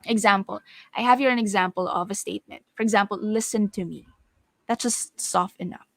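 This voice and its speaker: A woman teaching an online voice lesson at home, careful and deliberate, leaning on words to show her examples. Her voice sits in a middle register. It comes through a computer microphone with a dry, close sound. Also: mid-range voice, fairly bright tone, no echo. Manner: clear, deliberate teaching delivery with stressed examples. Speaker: webinar speaker on voice training for teachers. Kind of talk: online lecture with spoken examples.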